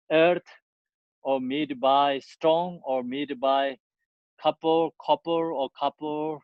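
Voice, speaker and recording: A man giving a Buddhist teaching in halting, non-native English, full of fillers and restarts. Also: mid-range voice, no echo. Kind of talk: dharma teaching. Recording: muffled dry lo-fi recording.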